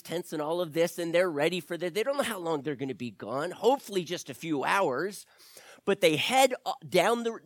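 Man storyteller for children; high, very animated, close dry recording. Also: dry recording. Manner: animated, pauses and asides to listeners.

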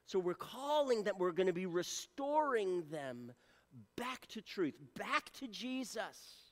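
A man preaching a sermon in a church. His voice is high and swings widely, and his delivery is slow and deliberate. His words ring out with a long hall reverb. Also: big pitch swings. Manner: earnest preaching, swings from loud appeals to soft near-whispers. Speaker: pastor.

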